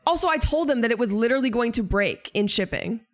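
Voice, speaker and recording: A woman's voice: a little high, expressive, quick pace. A young woman streamer venting to her viewers in casual chat, exasperated, swearing and rambling.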